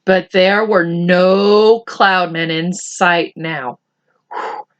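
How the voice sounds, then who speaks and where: Slow, teacherly woman reading to kids. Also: fairly low pitch, fairly even intonation, highs cut off. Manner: gentle, teacherly, addressing children. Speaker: children's story reader. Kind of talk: read-aloud for kids.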